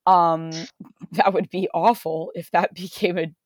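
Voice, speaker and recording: A woman's voice: on the low side, steady tone, a little slow, no echo, studio quality. A woman co-host in a casual chat, giggly and rambling with lots of fillers. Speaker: podcast co-host.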